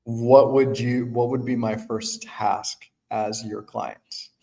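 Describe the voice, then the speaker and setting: A man's voice: medium pitch, level tone, slow pace, creaky, dark tone, rough recording. Man hosting, thinking aloud. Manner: thinking aloud with restarts and "right?" checks. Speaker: podcast host and management firm owner. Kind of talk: casual podcast conversation.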